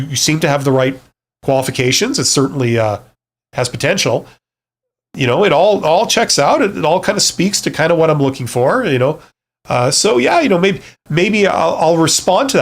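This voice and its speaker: Middle-aged male host, casual live Q&A, fairly high voice, rambling, blunt and reassuring. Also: sing-song, normal speed. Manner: conversational, frequent fillers and restarts, reassuring; blunt, joking asides. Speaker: livestream host, former CEO.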